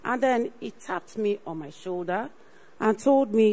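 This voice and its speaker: A woman's voice: mid-range voice, animated, measured pace, a little mellow, low-quality recording. A woman, a ministry partner, gives an earnest personal faith testimony on stage, often saying "you know" and repeating herself. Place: on stage at a church program.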